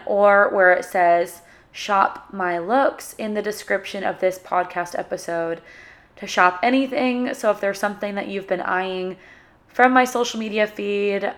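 Soft-spoken young woman, halting and emotional. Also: mid-range voice. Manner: emotional, halting, searching for words. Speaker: podcast host. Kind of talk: solo podcast talk.

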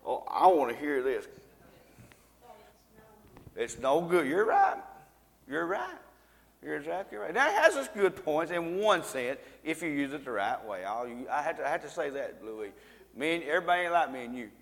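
A man's voice: on the high side, big pitch swings, moderate pace, a bit bright, in a large hall. A man leads an informal Bible lesson, talking conversationally and quizzing his listeners with fill-in-the-blank questions. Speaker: Bible study teacher.

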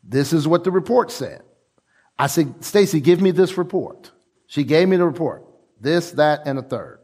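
A man's voice: a little high, normal speed, breathy edge. A man preaching a sermon as pastor, telling stories with restarts and repeated words and acting out the voices of people he quotes. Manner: lively storytelling preacher, acts out quoted voices.

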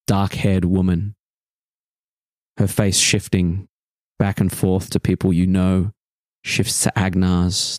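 A man narrating as game master of a tabletop game, describing a dream slowly with pauses. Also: deep voice, no echo.

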